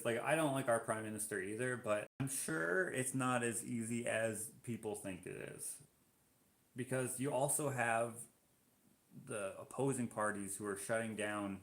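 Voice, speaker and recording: A man's voice: lowish voice, creaky. A Canadian man hosting a live stream, chatting casually as he reads out viewer comments and reacts to them. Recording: roomy echo.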